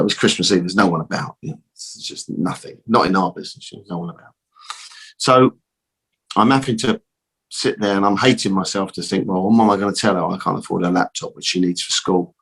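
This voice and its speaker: A middle-aged man with a low, husky voice tells a story in a loose, rambling way. He repeats himself and drops in mild swearing as he goes. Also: fairly even intonation, fairly quick, a bit bright. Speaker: guest, optical shop owner. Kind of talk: casual storytelling interview.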